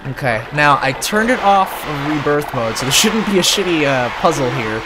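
Excitable, lively-voiced game streamer. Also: medium pitch, moderate pace, hardly any pauses. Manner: excitable and jokey, swears casually, laughs often; chats with viewers while playing. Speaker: live-streamer playing a horror video game. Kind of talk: casual live-stream game commentary. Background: game music.

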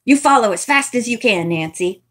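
A woman's voice: fairly high pitch, expressive, moderate pace, a bit bright. A woman voicing a blunt old male trapper in a storybook read-aloud.

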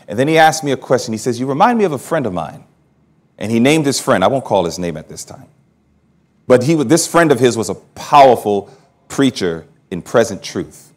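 A man's voice: medium pitch, darkish tone. A man pastor preaching a sermon, telling his own story with humor and laughing at himself. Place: church hall at a camp meeting.

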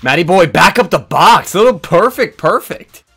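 A man commentating his own game with a very lively, jumpy pitch, dropping to grumbles one moment and shouting the next. He curses freely and talks straight at the players on screen. Faint game music sits under his voice. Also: normal speed, gravelly. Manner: swings from muttering to yelling, swears a lot. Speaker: gaming YouTuber. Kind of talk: excited live gameplay commentary.

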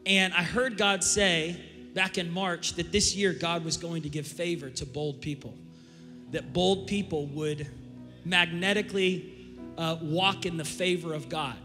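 A man gives a sermon in a large church auditorium, talking in a casual, drawling storytelling way. His voice sits fairly high for a man. The stage microphone carries a long hall reverb, with faint music in the background. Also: fairly even intonation, measured pace, sharp tone. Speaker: pastor.

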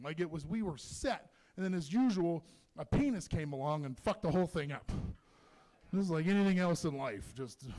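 A man performing a stand-up comedy set in a comedy club, telling stories in an animated, profane way. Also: high-pitched.

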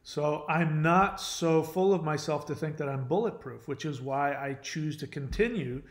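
A man's voice: a little high, normal speed, reverberant. A man hosting his own channel, talking earnestly and confidingly to the viewer in a casual way, often restarting and trailing off. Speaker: channel host. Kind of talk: casual personal talk to camera.

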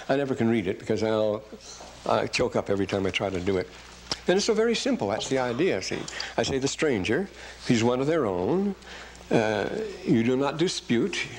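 Male lecturer, scripture class: reads verses aloud with emphasis, rambles, fumbles and corrects himself, average pitch. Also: darkish tone, a little hiss or hum.

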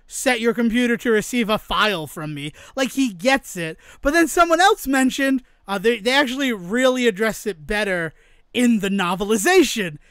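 A man co-hosting a podcast in casual chat, animated, laughing often and acting out quoted exchanges. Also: very high voice, smooth, dry recording, clean studio sound. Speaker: podcast co-host.

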